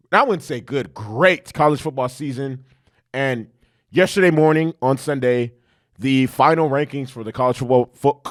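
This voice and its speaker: A man hosting a sports talk show from his studio, giving profane, animated commentary that builds into shouting rants. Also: a little high. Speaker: sports podcast host.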